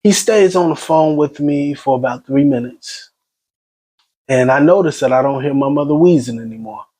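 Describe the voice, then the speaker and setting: Shaken grieving man, halting retelling. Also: fairly high pitch, warm tone. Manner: agitated, halting retelling with restarts. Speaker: son recounting his mother's death. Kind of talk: personal spoken testimony.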